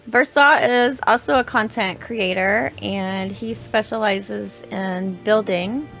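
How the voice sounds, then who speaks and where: A woman's voice: medium pitch, slow pace, creaky, a bit bright, soft background music. A woman from Texas hosting a casual gaming session, introducing guests and keeping the chat moving. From Texas, USA. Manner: friendly, leads the talk, uses fillers like "like". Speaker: host.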